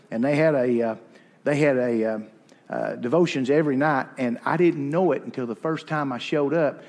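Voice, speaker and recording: In a church, a man with a fairly high voice preaches a sermon built on personal anecdotes, and a long reverb tail trails his words. His style is folksy and self-deprecating, and he tells his stories with humor.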